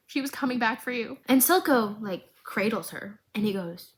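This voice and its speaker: A young woman retelling a story to her viewers in a casual, emotional vlog, with dramatic, expressive delivery and chatty asides. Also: on the high side, normal speed, few pauses, poor audio. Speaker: video creator recapping a series.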